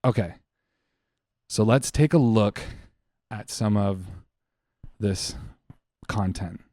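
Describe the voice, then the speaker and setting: A man's voice: lowish voice, takes it slowly, mellow, dry recording, clean studio sound. A young man co-hosting a casual comedy podcast, telling a mock-conspiratorial story with lots of swearing and put-on voices. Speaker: podcast co-host.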